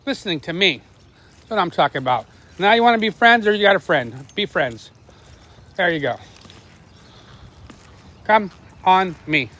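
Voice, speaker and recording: A middle-aged man chatting casually while walking his dogs outdoors, rambling, swearing freely and barking quick commands at the dogs. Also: high voice, expressive, pushed and bright. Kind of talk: casual live-stream chat. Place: outdoors on a neighborhood walk.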